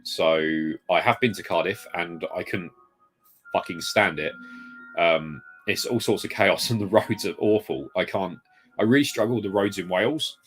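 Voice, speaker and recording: Low-voiced man rambling on a live stream. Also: normal speed, fairly bright tone, soft background music. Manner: rambling, reads out viewer comments and greets them. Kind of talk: casual live-stream chat. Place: home room full of retro games. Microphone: desk mic moved close.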